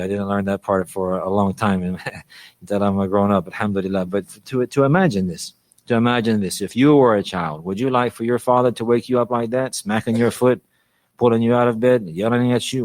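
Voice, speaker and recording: A man's voice: medium pitch, steady tone, a little fast, a little mellow, no echo. A man giving a religious lesson on manners, often repeating a phrase to stress it and restarting his sentences. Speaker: Islamic teacher.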